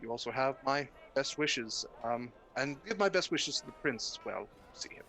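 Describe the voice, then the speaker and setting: A man's voice: mid-range voice, expressive, normal speed, sharp tone, soft background music. A man voicing a formal, courteous noble patriarch in a tabletop game, polite and stammering when shaken. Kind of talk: tabletop game role-play.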